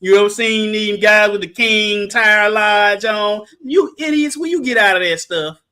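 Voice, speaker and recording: A man leading an animated Bible study, preaching with shouted exclamations and joking asides. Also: sits high, a little slow, clean tone. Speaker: Bible teacher.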